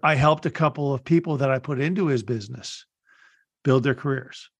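A man hosting a business podcast, telling blunt, animated stories in a casual interview. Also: mid-range voice, breathy edge, no echo. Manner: animated storytelling, blunt, fast bursts. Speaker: podcast host.

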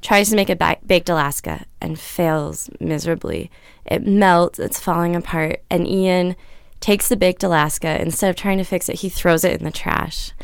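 Brief: female podcast co-host, lowish pitch with some fry, dry sound, lively storyteller. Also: moderate pace, dry recording. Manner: animated storyteller. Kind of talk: casual chat.

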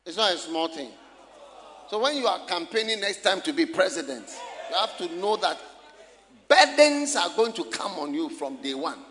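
With a very animated delivery at a moderate pace, a male pastor preaches a sermon from the pulpit. His voice is unusually high, bright, and forceful, leaping widely in pitch as he shouts points and questions his listeners. The recording has a church hall's long reverb and faint room noise underneath.

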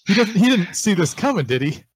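A man playing a tabletop horror game, animated and asking many questions, stumbling into restarts. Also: high-pitched, fairly quick, slightly rough. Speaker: player. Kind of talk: tabletop game play over voice chat.

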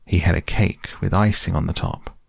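A man narrates a storybook in a slow, measured way. His very deep voice has a gravelly, husky edge, recorded close and dry. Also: dry recording. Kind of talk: storybook reading aloud.

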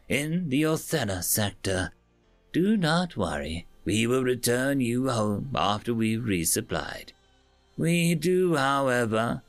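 A man voicing a large, calm alien diplomat who speaks in a slow, monotonous, formal way in a science fiction story reading. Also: mid-range voice, no room sound. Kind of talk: audiobook character voice.

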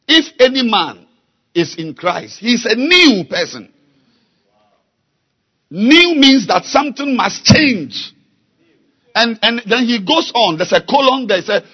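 Bright-voiced, husky-edged preaching man. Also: sits high. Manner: slow, emphatic preaching with repetition, building to loud exhortation. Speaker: pastor. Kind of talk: sermon.

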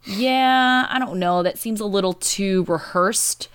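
A woman's voice: medium pitch, steady tone, normal speed, clear, resonant tone. A woman co-hosting a casual podcast chat, emphatic and chatty, often saying "you know". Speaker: podcast co-host; teacher. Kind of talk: casual chat recapping a reality show.

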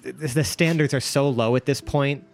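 A man's voice: mid-range voice, fairly even intonation, normal speed, creaky. Joking man playing a tabletop game. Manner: joking, rambling. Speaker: player. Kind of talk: casual tabletop game play.

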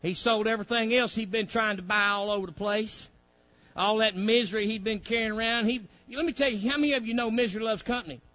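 A man's voice: high-pitched, steady tone, quick pace, pushed and bright, highs cut off. A male preacher, delivering a fiery sermon with folksy grammar, directing a reader and acting out pleading voices.

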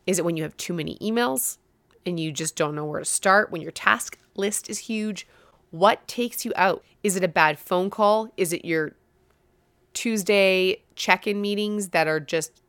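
Woman podcast host talking solo, frank and self-mocking, kinda low voice, dry close mic. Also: dry recording. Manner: candid, animated, self-mocking storytelling with laughs.

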